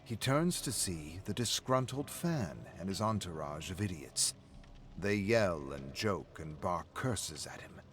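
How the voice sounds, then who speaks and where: A man narrating a story in an even, measured reading style. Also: deep voice, faint music behind.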